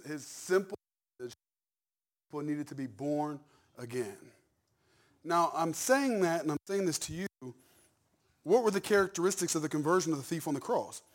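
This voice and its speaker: A male pastor preaching a fervent sermon to his congregation, dropping to a hush and then rising to a shout. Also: on the high side.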